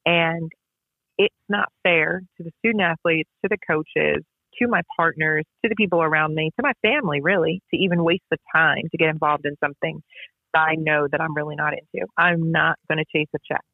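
A woman's voice: low-pitched, fairly even intonation, fairly quick, creaky, no room sound. A woman, a basketball referee, tells stories in a casual interview, emphatic and repetitive. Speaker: basketball referee and podcast guest. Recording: tinny phone-line sound.

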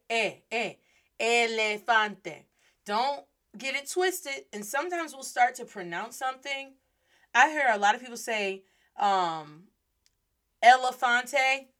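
With a somewhat high, slightly bright voice, a woman teacher and host leads a lively Spanish lesson. She plays with rhythm and humor as she moves between English and Spanish.

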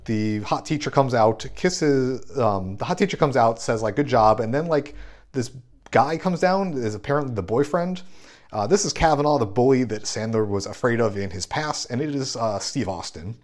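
A man's voice: medium pitch, expressive, moderate pace. A man casually recapping a movie plot on a podcast, rambling with lots of fillers. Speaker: podcast co-host.

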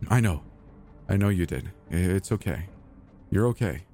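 A man voicing a gentle, patient young man who speaks softly and reassures a frightened friend. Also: low-pitched, lively intonation, normal speed, faint music behind. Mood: tender. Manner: soft, patient, quietly encouraging.

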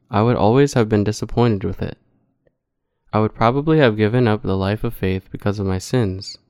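A man reading a sermon in a measured way, putting questions to his listeners and answering them himself. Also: fairly low pitch, darkish tone, clear, resonant tone, dry recording, clean studio sound. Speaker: preacher.

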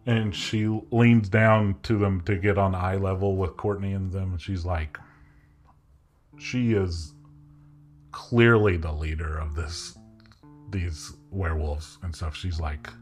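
A man narrating a tabletop game as game master, relaxed and chatty with many fillers. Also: deep voice, slow, faint music behind.

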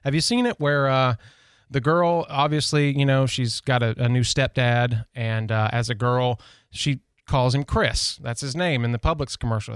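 A man's voice: mid-range voice, normal speed, clear, resonant tone, no echo. Chatty male radio talk host, dry studio sound. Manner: chatty, rambling, self-deprecating. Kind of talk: casual radio chat. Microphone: studio microphone.

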